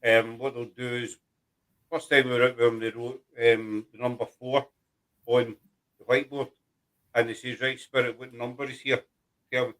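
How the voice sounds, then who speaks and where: A man hosting a chat show, explaining things in a rambling, halting way. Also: mid-range voice, little pitch movement, a bit bright. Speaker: host. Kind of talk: casual chat.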